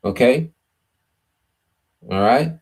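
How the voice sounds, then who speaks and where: A man's voice: medium pitch, expressive, extremely slow, darkish tone, slightly rough. A man hosting a livestream of Bible prophecy commentary, reading scripture aloud and tagging nearly every phrase with "okay," "man," or "all right.". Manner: reads scripture aloud, then explains word by word.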